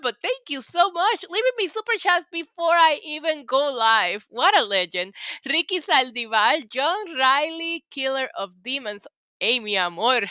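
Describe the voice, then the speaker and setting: A woman with a high, bright voice hosts a casual live stream from home, greeting viewers by name in a quick, chatty way. She laughs often and swears without a second thought. The sound is dry and close, with no room echo. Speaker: wrestling livestream host.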